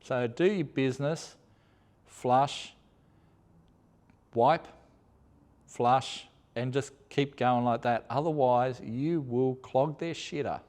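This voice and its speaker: A man's voice: mid-range voice, a little slow, hardly any pauses, a little mellow. An Australian man hosting a casual chat, rambling and chatty as he tells travel stories, laughing at his own tales. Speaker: host.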